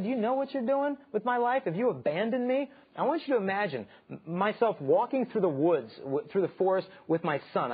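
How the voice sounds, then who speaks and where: A man in his thirties, hosting an inspirational talk show, telling lively stories and acting out the voices in them. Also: on the high side, husky. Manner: animated storyteller acting out quoted voices. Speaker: host and speaker. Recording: dull lo-fi sound.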